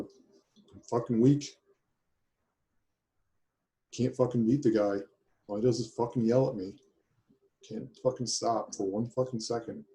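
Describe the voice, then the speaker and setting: Low, flat-voiced angry man venting. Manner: angry, profane venting with sighs. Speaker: client in a tapping session. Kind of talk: emotional therapy session talk.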